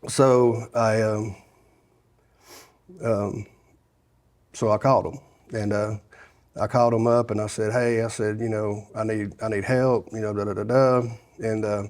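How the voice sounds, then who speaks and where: A man's voice: on the low side, little pitch movement, measured pace, long pauses, a little mellow. Drawling man telling his story. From Sevier County, Tennessee. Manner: rambling with many restarts and fillers, quoting others. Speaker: guest sharing his testimony. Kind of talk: casual storytelling interview.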